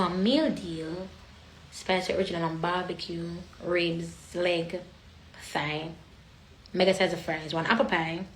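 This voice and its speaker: A woman's voice: on the low side, a bit bright, slight background noise. A woman with a Jamaican accent hosting a casual livestream, chatting to her viewers and slipping in and out of patois, recorded on a phone in an echoey room. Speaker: livestream host.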